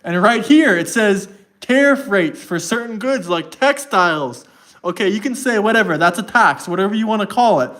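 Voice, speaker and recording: Lively intonation, a fairly bright tone, and a high pitch mark this man's voice, which moves at a moderate pace. On his livestream he argues combatively with chat, mocking them and reading text aloud to prove his point.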